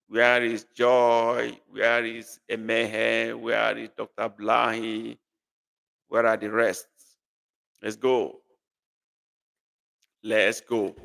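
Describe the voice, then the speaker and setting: A man teaching a live online language class, patiently correcting students and slowly repeating phrases. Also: on the low side, gravelly, a bit bright, big-room sound. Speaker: language tutor.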